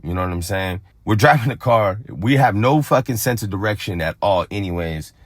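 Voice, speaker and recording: Low-voiced man telling a profane street story. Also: brisk, dry recording, studio quality. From Phoenix, Arizona. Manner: profane, animated, acts out other people's lines. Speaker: storyteller on a vlog channel.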